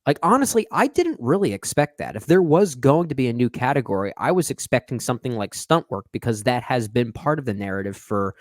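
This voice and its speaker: A man's voice: medium pitch, big pitch swings, fairly quick, few pauses, no echo, studio quality. A man co-hosting a film podcast in casual chat, thoughtful and hedging, with frequent fillers.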